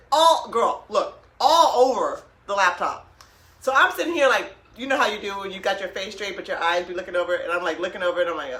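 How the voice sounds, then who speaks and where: A woman's voice: mid-range voice, lively intonation, normal speed, bright, forceful tone, reverberant. A middle-aged woman from Oregon, co-hosting a podcast, tells a story casually and acts out both sides of the talk, laughing often. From Oregon, USA. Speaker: podcast co-host.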